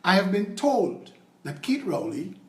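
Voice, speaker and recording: A man's voice: high-pitched, big pitch swings, a little slow, echoey room. A man with a Trinidadian accent hosting a political call-in show, combative and sarcastic. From Trinidad and Tobago. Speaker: political talk show host.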